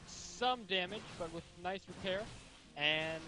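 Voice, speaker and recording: A man's voice: high voice, takes it slowly, bright, forceful tone, faint music behind. A man co-casting a live strategy game tournament, chatty and explaining strategy. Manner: chatty, explains builds, rambling. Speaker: esports co-caster. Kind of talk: casual live game commentary.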